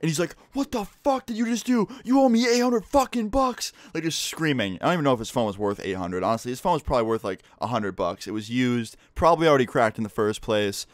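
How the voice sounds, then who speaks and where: A man's voice: on the low side, smooth, no echo, studio quality. A young man telling a school story in a casual storytime vlog, cursing freely and talking animatedly. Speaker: vlogger.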